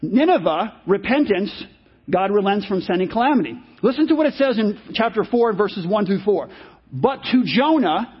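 A man's voice: high-pitched, expressive, moderate pace, slightly rough. A male pastor preaching a sermon, emphatic and repeating his key phrases. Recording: dull lo-fi sermon recording.

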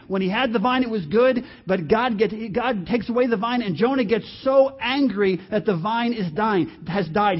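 A man preaching a sermon in an animated way, now and then acting out the voices he quotes. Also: extremely high pitch, breathy edge, highs cut off. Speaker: pastor.

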